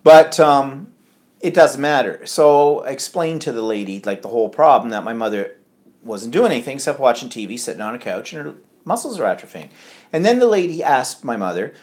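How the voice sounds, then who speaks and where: A man's voice: medium pitch, big pitch swings, brisk, a little mellow. A man co-hosting a podcast, chatting and telling a story in which he acts out the people he quotes. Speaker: podcast co-host. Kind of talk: casual chat.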